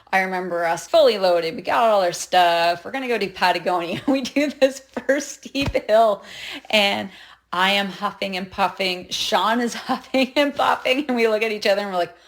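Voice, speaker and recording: A woman from Canada, a podcast guest, telling travel stories with lively energy, acting out other people's voices and laughing often. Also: medium pitch, normal speed. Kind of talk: animated storytelling in a podcast interview.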